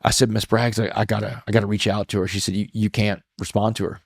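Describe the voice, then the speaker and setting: A man speaks as a podcast guest, earnest and reflective as he tells his story, often stopping to restart a phrase. His voice sits low. The sound is dry and close, with no room echo. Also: flat delivery, quick pace, vocal fry. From Texas. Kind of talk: emotional storytelling interview.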